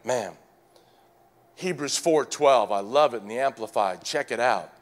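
A man preaching a sermon to his church, calling out to the congregation and swinging between shouted declarations and quieter teaching. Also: medium pitch, a little slow. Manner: calls out to the congregation. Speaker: pastor.

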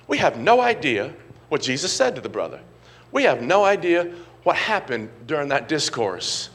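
A middle-aged man preaching a sermon, swinging from quiet, low asides to loud, shouted emphasis and often calling out to the congregation. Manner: repeats words and calls on the congregation. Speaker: pastor.

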